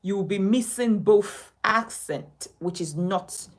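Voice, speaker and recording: A woman's voice: medium pitch, slow, rough recording. A woman from Nigeria teaching a speaking lesson as a communication coach, emphatic and instructive, repeating her key points.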